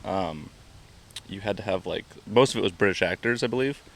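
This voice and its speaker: Young male co-host with a low voice, relaxed hedging chat full of fillers. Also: brisk. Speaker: podcast co-host. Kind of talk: casual chat.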